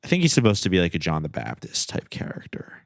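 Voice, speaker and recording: A man's voice: low voice, huge pitch swings, quick pace, vocal fry, dry recording, studio quality. A man co-hosting a podcast, rambling and joking in casual chat with lots of fillers. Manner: rambling, jokey, many fillers. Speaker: podcast co-host.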